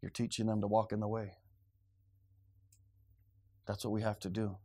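A man in his thirties preaching a sermon in a conversational, animated way, acting out quotes and asides. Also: fairly low pitch, moderate pace. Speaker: pastor.

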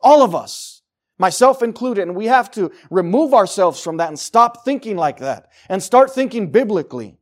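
A man preaching from the pulpit in a fairly high voice. He drives his points hard, then drops low and quiet before building back up. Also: expressive, normal speed. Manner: emphatic preaching, swinging from loud declarations to low, quiet asides. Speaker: pastor. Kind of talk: sermon. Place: church.

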